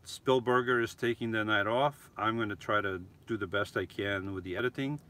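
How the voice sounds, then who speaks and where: Middle-aged male vlogger, lowish, bright-edged voice, rambly, self-correcting live-chat delivery. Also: normal speed. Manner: chatty, rambling, frequent restarts and self-corrections. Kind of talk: casual live-stream chat.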